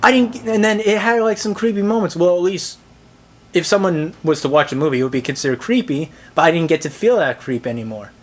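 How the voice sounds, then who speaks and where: A man's voice: on the high side, slight background noise. A man ranting about a bad night at the movies, profane and exasperated, rambling with many restarts. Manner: halting, full of restarts and "like". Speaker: movie reviewer. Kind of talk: ranting movie-theater story.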